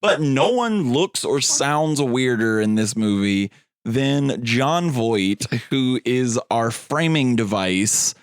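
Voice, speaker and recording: A man's voice: mid-range voice, expressive, slow, clean tone, no room sound, studio quality. Rambling, swearing male podcast co-host. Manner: rambling, laughs often, swears casually. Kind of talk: casual movie review chat.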